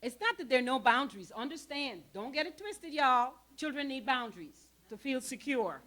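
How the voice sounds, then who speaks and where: A woman presenting a parenting workshop in a church hall, emphatic and animated as she talks straight to the audience. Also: high-pitched, moderate pace. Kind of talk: interactive church workshop teaching.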